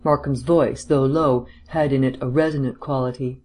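A man narrating a classic detective novel in a measured, even reading voice, giving the characters quiet voices. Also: medium pitch. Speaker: audiobook narrator.

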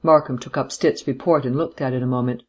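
A man narrating a classic detective novel in a measured, even reading voice, giving the characters quiet voices. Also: mid-range voice, slightly rough. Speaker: audiobook narrator.

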